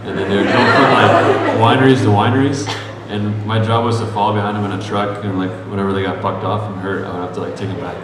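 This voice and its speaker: A man's voice: on the low side, steady tone, fast. A man in a convention audience telling a short offhand story. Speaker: audience member. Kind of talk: casual anecdote. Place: large convention hall. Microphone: distant passed mic. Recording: distant voice in noisy echoey hall.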